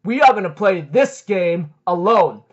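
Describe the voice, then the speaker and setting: A man's voice: high voice, expressive, a little slow. A man retelling the threats of a cruel male villain who loves deadly games, in a plain, matter-of-fact way. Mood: menacing. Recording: dull lo-fi recording.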